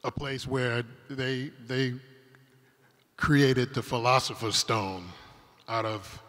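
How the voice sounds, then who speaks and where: A man's voice: medium pitch, slow pace, bright, forceful tone. A man with a mid-range voice tells winding, humorous stories from a conference stage. His words ring out with a long reverb from the big hall around him. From Detroit, Michigan, USA. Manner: rambling, humorous anecdotes told with asides. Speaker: conference speaker. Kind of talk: storytelling talk on stage. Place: converted industrial hall used as a conference venue.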